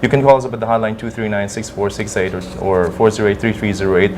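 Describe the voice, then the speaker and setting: A man's voice: fairly low pitch, steady tone, quick pace, a little hiss or hum. Earnest Filipino voice actor man. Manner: earnest, explanatory, with some restarts. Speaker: voice actor guest. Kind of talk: TV morning show interview.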